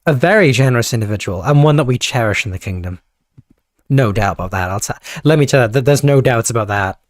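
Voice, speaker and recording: Fast and animated, a young man with a mid-range voice rambles through a live stream, breaking off mid-thought and showing warm gratitude to his chat. His handheld mic is held awkwardly, and the recording is dry with clean studio sound.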